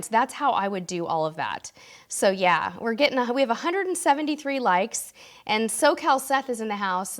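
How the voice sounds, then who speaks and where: A woman hosts a casual live Q&A stream, reading viewer comments aloud and answering them. She sounds tired and is losing her voice, which is a little high.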